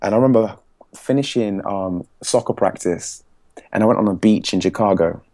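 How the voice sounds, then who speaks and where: A young English man with an English accent, a podcast guest telling his story in an animated way, laughing often and acting out what others said. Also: lowish voice, normal speed. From England. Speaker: podcast guest, speaking coach. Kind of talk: casual storytelling.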